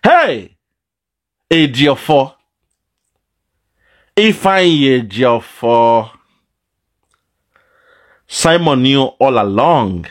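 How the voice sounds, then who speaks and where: A man giving an impassioned commentary, swinging between loud outbursts and low, mournful asides. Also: big pitch swings, a little slow, pauses often. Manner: dramatic, swings between shouting and low lament. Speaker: political commentator. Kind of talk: impassioned monologue.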